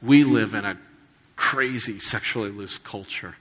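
A man's voice: fairly low pitch, unhurried, fairly bright tone, slightly rough. A male pastor giving a conversational sermon, joking and acting out quoted voices. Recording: long hall reverb.

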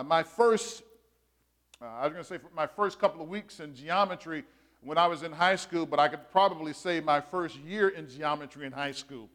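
A man's voice: sits high, fairly bright tone. A middle-aged male pastor preaching a sermon in a conversational, storytelling way, asking his congregation questions and sharing personal stories.

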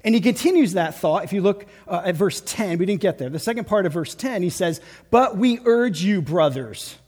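A man with a high voice preaches to his congregation in an urgent, emphatic way. His words ring out with a long reverb, as in a large church hall. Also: animated, brisk, darkish tone, slightly rough. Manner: urgent, emphatic preaching with acted pep talks. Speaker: pastor. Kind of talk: sermon.

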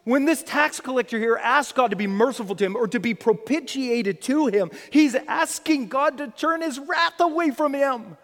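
A man with a high voice preaches a sermon in a hall with long reverb. He swings between loud crying out and a hushed near-whisper, repeating phrases and restarting them for emphasis. His delivery is impassioned and dramatic. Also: moderate pace, few pauses.

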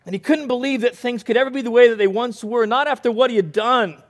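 A man with a notably high voice delivers a sermon as a pastor. He preaches earnestly, dropping into quiet, reflective stretches and then pressing points with emphasis. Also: fairly even intonation, quick pace, hardly any pauses.

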